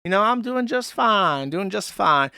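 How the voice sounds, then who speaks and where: A man mimicking a whiny male streamer in a high, whimpering voice. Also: steady tone, moderate pace, no echo, clean studio sound. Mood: smug.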